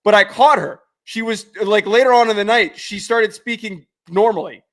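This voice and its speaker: A man co-hosting a podcast, telling animated stories in casual chat and swearing freely. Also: high-pitched, moderate pace. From United States. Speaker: podcast co-host.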